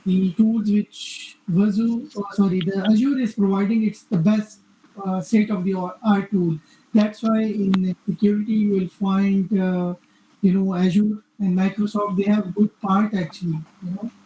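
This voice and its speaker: Man giving halting advice on a video call. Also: high-pitched, fairly even intonation, warm tone, a little hiss or hum. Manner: halting, many fillers and "okay?" tags. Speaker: cybersecurity expert panelist. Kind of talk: casual webinar advice. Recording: dull roomy video call audio.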